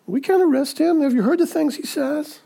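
A man voicing panicky, whining male religious leaders in a high, complaining voice. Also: fairly quick, vocal fry, warm tone. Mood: incredulous. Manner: whiny, high-pitched complaining.

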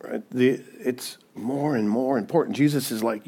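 With a breathy edge and hardly any pauses, a man speaks at medium pitch and normal speed as he delivers a sermon as pastor. The tone is relaxed and conversational, peppered with "right?" tag questions, and he performs quoted voices with animation.

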